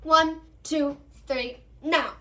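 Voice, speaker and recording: A woman voicing a calm, encouraging middle-aged male teacher who calls out brisk commands to a class in a storybook reading. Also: high voice. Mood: commanding.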